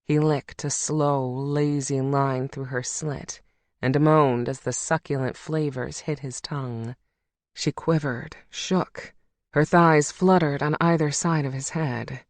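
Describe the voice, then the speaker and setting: Brief: slow, hushed romance narrator, mid-pitched, dry close studio sound. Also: fairly even intonation, dry recording. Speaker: audiobook narrator.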